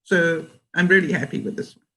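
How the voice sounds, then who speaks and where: A woman's voice: on the low side, brisk, pushed and bright. Chatty older woman vlogger. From Canada. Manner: chatty, laughs often, reads viewer comments aloud. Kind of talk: casual livestream chat.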